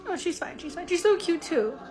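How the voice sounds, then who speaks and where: A woman's voice: very high-pitched, expressive, fairly quick, darkish tone, faint music behind. A woman hosting a casual reaction video, chatty and emotional, swearing and laughing as she comments.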